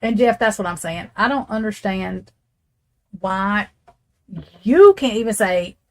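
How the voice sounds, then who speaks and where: A woman's voice: medium pitch, a little slow, darkish tone. Rambling, profane woman. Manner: rambling, blunt and profane, talks straight to chat. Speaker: true crime channel host. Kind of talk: casual true crime commentary.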